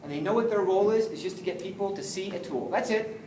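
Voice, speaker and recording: A man giving an energetic, jokey sales training talk to a live group, often acting out phone calls. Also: sits high, fast, recorded from a distance. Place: meeting room with an audience. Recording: echoey room, voice from afar, faint noise.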